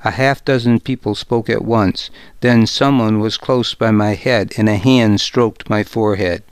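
Casual: guy reading an audiobook in first person, measured, kind of wry, smooth clear voice, dry sound. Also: on the low side, steady tone, no echo. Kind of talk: audiobook narration.

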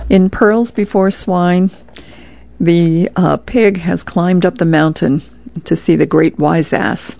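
A woman's voice: lowish voice, steady tone, unhurried, creaky, darkish tone, no room sound. A woman volunteer reader chatting her way through newspaper comic strips on the radio. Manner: chatty, with small laughs. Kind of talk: reading comics aloud on radio. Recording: dull lo-fi radio sound.

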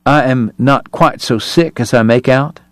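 A man's voice: mid-range voice, expressive, measured pace, darkish tone, no room sound, clean studio sound, close to an everyday voice. A man voicing a sick, genteel male gambler-dentist who talks in a languid, clipped, polite way. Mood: offhand.

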